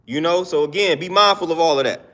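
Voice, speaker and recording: A man's voice: on the high side, quick pace, fairly bright tone. A young man in his twenties talking earnestly in a casual live-stream monologue, slangy and repeating himself for emphasis.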